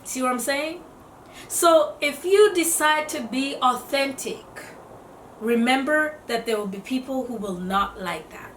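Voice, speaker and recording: A woman giving casual self-development advice to camera, lively, acting out what other people say and laughing often. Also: high voice, measured pace, a little hiss or hum. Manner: animated, acts out quotes in voices, laughs often. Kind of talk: casual motivational talk to camera. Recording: echoey room, voice a bit off-mic.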